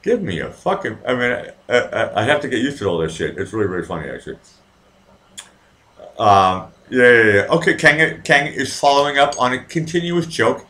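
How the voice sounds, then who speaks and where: Here a mid-range Boston voice chats at a moderate pace during a casual live stream, working through viewer comments. The man is lively and swears freely, wandering through stories with lots of fillers and restarts.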